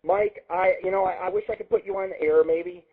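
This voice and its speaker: A man hosting an internet radio show, telling crude rambling stories in a profane, excitable monologue. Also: sits high, fairly quick. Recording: husky lo-fi phone-line sound.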